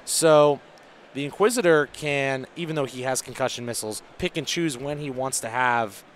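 A man's voice: mid-range voice, normal speed, slight background noise. A man commenting on a tabletop game tournament in a casual, analytical way, explaining the rules in detail. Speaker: match commentator.

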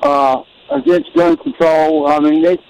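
A man's voice: sits high, big pitch swings, a little slow, gravelly, noisy background. A man calling in to a radio show over a muffled phone line. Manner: muffled, apologetic. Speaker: caller. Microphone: telephone held wrong way.

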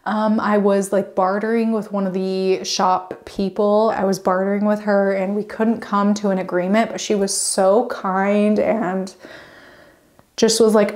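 A woman's voice: medium pitch, steady tone, moderate pace, a little mellow. A young woman vlogging a casual walkthrough of her plant collection at home, chatty and gushing, wandering off on tangents. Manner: chatty, rambling, goes off on tangents; bubbly, gushing.

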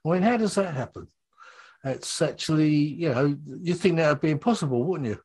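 A man's voice: on the high side, expressive, a little fast, darkish tone, slightly rough. A man hosting a radio interview, chatting casually and murmuring in agreement. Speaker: radio host.

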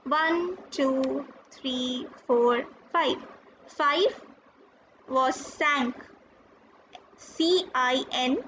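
A high-pitched woman gives a recorded French lesson at an unhurried pace. She is patient, spelling out letters and repeating each word. The sound is dull and lo-fi, with a faint hiss behind her. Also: a bit bright. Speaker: French teacher.

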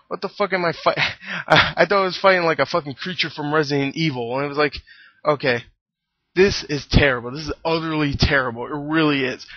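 A man's voice: on the high side, no room sound, lo-fi sound. A man giving a casual, blunt spoken game review, ranting and swearing freely. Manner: blunt, profane, exasperated ranting.

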